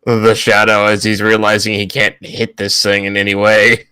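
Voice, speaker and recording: A man playing in a tabletop game over a voice call, asking about rules and narrating his character's moves with an animated manner. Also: lowish voice, moderate pace, clear, resonant tone, no room sound. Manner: animated, bursts into character shouts. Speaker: player.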